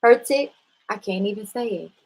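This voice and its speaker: A woman's voice: mid-range voice, unhurried, fairly bright tone, a little hiss or hum, poor audio. A woman hosting a casual spiritual talk, speaking bluntly and with profanity straight to her viewers. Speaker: spiritual live-stream host.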